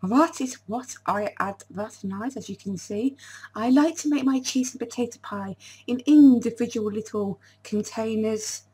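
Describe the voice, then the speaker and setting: A husky, slightly high-voiced woman in her forties talks through her week's meals in a home diet vlog. She chats loosely and laughs at herself, tripping over words and starting sentences again. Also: unhurried, darkish tone. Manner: chatty, stumbling restarts and self-deprecating asides. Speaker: vlogger. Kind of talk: casual diet vlog to camera.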